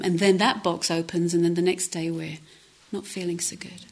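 A woman meditation teacher giving a gentle, reflective dharma talk at a retreat, often dropping to a soft near-whisper. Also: fairly low pitch, little pitch movement, moderate pace, few pauses. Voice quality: breathy, often drops to a whisper. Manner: gentle, reflective, with hesitant restarts. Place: retreat center meditation hall.

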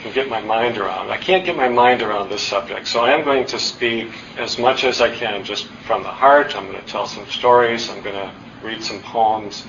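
In a meditation hall, a middle-aged man visiting as a guest dharma teacher tells stories at an unhurried pace, warmly poking fun at himself and pausing often. His gravelly voice sits on the low side, and the recording is distant and dull, carrying faint noise.

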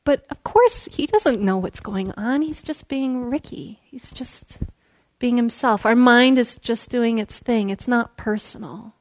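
A woman meditation teacher giving a dharma talk, telling a story in a gentle, storytelling way and laughing often. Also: a little high, animated, measured pace.

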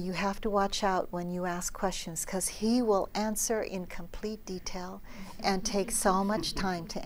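Soft-spoken woman teacher giving a dharma talk. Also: on the low side. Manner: gentle storytelling, drops to a soft near-whisper. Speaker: meditation teacher.

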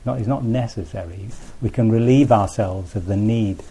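A man's voice: lowish voice, moderate pace, dark tone, husky. A man teaching as a Buddhist teacher in a conversational dharma talk, thinking aloud with restarts and frequent asides to his listeners.

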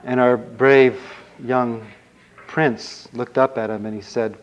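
A man who teaches meditation, telling a folk tale during a dharma talk. He narrates in an animated way and acts out sound effects. His voice sits at a middle pitch, and the recording sounds dull and lo-fi. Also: slow.

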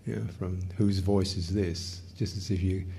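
Gentle low-voiced meditation teacher man. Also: little pitch movement, vocal fry, slight background noise. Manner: gentle, unhurried, often laughs softly; speaks in short halting phrases. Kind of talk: dharma Q&A teaching.

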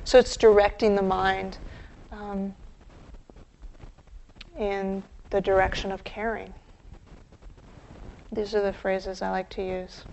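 A woman meditation teacher gives a dharma talk, gentle and reflective, with pauses throughout. Her mid-range voice is creaky and delivered flatly, and the recording has its highs cut off.

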